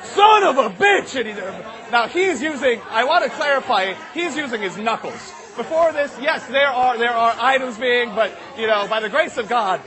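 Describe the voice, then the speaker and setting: A man's voice: very high-pitched, moderate pace, few pauses, a crowd in the background. A man telling a long comic story live, rambling and correcting himself as he goes, with an audience audible behind him. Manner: rambling, self-correcting, animated. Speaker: comedian.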